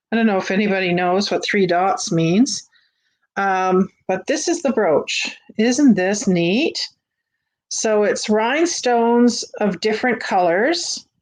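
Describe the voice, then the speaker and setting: A woman's voice: medium pitch, a little mellow. A woman hosting a live vintage sale from her home, chatting casually with fillers as she shows each item. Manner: chatty, unhurried, with frequent fillers and restarts. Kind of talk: casual live-stream selling. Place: home on a busy street.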